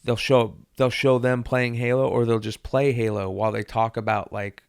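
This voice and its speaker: A man with a gravelly, creaky voice tells a long rambling story on a podcast. He swears constantly and acts out the people he quotes. The sound is dry and close to the mic. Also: medium pitch, little pitch movement, moderate pace, no echo. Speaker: podcast co-host. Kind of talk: casual chat.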